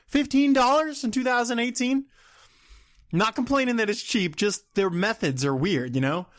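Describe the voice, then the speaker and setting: A man hosting his own podcast, complaining in an exasperated, animated way with laughs and sudden outbursts. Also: extremely high pitch, normal speed. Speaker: podcast host. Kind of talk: solo ranting podcast.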